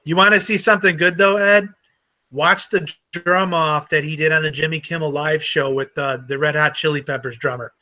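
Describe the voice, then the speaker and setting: A man's voice: fairly high pitch, fairly even intonation, moderate pace, sharp tone. A man co-hosting a casual podcast chat, joking and teasing the others.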